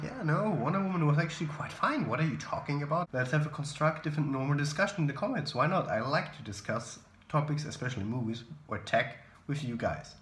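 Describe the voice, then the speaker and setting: A man's voice: mid-range voice, fairly bright tone. A young man in his twenties chatting casually to camera in a vlog, opinionated and self-deprecating, at home. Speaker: vlogger. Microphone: camera mic. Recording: roomy echo.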